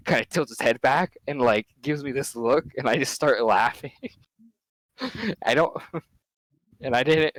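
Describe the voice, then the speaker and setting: A man's voice: medium pitch, a bit bright, no room sound, rough recording. Laid-back young man, dry sound. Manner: laid-back, says "dude" often, laughs easily. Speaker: podcast co-host. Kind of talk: casual chat.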